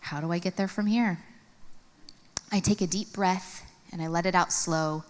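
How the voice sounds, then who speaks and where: Earnest woman speaker in a reverberant hall. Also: normal speed. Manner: earnest, storytelling, expressive swings in pitch. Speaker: conference speaker. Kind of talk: reading a personal journal aloud to an audience.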